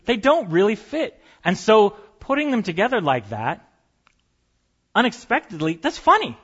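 A man's voice: sits high, big pitch swings, moderate pace, a bit bright, slightly rough, muffled recording. A man preaching a sermon as pastor, conversational and storytelling, with light humor.

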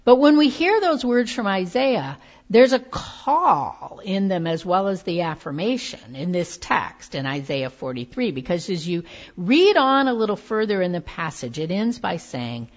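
A woman preaching a sermon, reading slowly with soft, tender emphasis. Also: medium pitch, big pitch swings. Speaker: pastor. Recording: dull lo-fi sound.

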